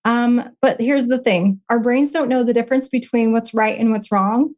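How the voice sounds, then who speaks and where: A middle-aged woman speaking as a podcast guest, her voice sitting a little high. She talks in an earnest, heartfelt way, moving from personal story into gentle coaching advice. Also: steady tone, moderate pace.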